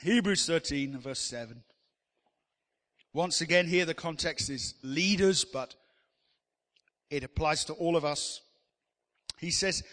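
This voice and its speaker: A man's voice: a little high, a little slow, long pauses, fairly bright tone, in a large hall. A man preaching a sermon in a chatty, joking way, teasing the congregation.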